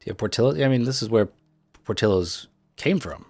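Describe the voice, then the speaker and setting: A man's voice: on the low side, expressive, a little fast, darkish tone, soft background music. A young man with a Chicago accent, chatting loosely with viewers on a livestream, full of fillers and blunt asides. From Midwest United States. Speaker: trading livestream host. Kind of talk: casual livestream chat answering viewers.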